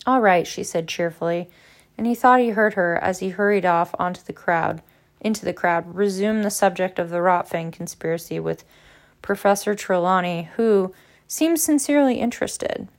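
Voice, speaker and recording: A woman reading a novel aloud in a steady narrating voice with small slips. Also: fairly low pitch, moderate pace. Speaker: audiobook reader. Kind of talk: book narration.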